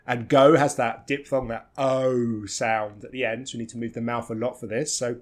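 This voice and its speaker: A man with a non-rhotic British accent teaching English pronunciation, slowly demonstrating the weak and strong forms of words and repeating them. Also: medium pitch, steady tone. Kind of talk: pronunciation lesson.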